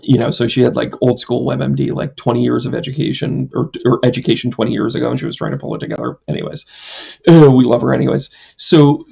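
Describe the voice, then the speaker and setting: A man's voice: medium pitch, steady tone, fast talker, creaky, darkish tone, slightly rough, highs cut off. A man, a psychic medium, chatting casually on a live stream, rambling through a story with lots of fillers and self-mocking jokes.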